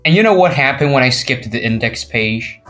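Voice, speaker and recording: A teenage boy co-hosting a casual podcast, telling a school story in an animated way and mimicking his classmates. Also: medium pitch, a little fast, soft background music. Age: teens. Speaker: podcast co-host. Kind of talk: casual chat.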